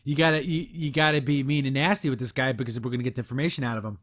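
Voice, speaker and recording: A man's voice: medium pitch, steady tone, racing. A man hosting a podcast, casually reviewing a cartoon episode, retelling scenes, quoting characters and laughing often. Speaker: podcast host.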